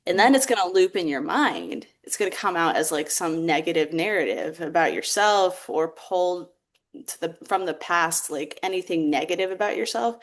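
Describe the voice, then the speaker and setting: A woman's voice: on the low side, lively intonation, moderate pace. A young adult woman guest on a podcast, talking reflectively in a casual way with many "like" fillers. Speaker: therapeutic theatre practitioner, podcast guest.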